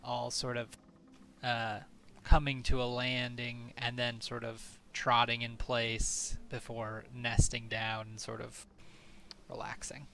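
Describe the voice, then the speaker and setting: A man narrating as game master of a tabletop game, relaxed with many fillers. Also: mid-range voice, takes it slowly, a little hiss or hum.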